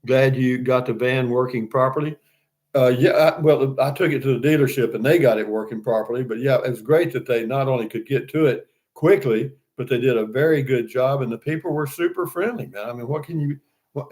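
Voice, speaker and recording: A man's voice: mid-range voice, a little fast, darkish tone. Older male host, folksy and rambling, casual stream chat. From Texas. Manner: folksy, rambling, many fillers and restarts. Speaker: livestream host. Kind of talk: casual chat reading viewer comments.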